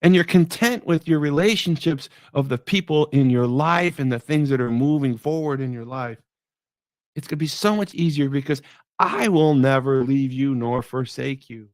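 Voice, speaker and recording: A man's voice: medium pitch, moderate pace, dry recording. A man hosting a devotional talk, speaking emphatically and repeating his key phrases. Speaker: devotional podcast host.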